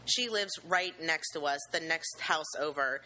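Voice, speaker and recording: A young woman tells her story in a lowish voice that still rings bright and forward. She sounds nervous and halting, with frequent "um"s and false starts. Her delivery stays earnest and heartfelt. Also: rough recording. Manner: nervous and halting, with many "um"s and restarts; earnest and emotional, with religious gratitude. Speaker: eyewitness telling her story. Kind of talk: personal account, unscripted.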